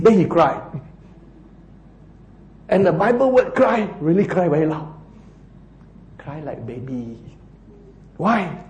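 Animated pastor man in an echoey room. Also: fairly high pitch. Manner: animated storytelling with laughs and playful voices. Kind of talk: sermon.

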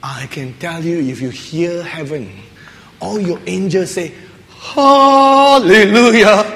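A man delivers a light-hearted sermon in a notably high voice, laughing often and slipping into little acted voices. His words ring out with the long reverb of a large hall. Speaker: preacher. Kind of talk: humorous sermon.

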